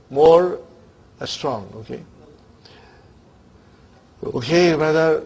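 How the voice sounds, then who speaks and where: Husky high-voiced man teaching grammar. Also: darkish tone. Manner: drills students with questions and checks they follow; mixes English with Arabic grammar terms. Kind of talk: classroom lecture. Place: classroom with students. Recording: dull lo-fi classroom recording.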